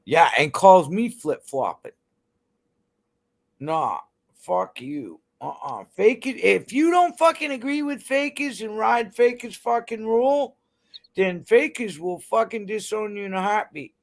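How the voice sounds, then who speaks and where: Gravelly, profane woman ranting on a stream. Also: medium pitch, expressive, a little slow. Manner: profane, blunt, heated. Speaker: livestream host. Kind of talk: angry livestream rant to chat.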